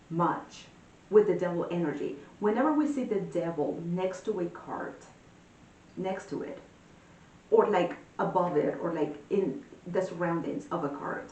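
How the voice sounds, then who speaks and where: A woman giving a casual tarot reading, talking in a chatty, animated way with many fillers. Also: recorded from a distance. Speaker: tarot reader. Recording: echoey room, voice a bit off-mic, faint rumble.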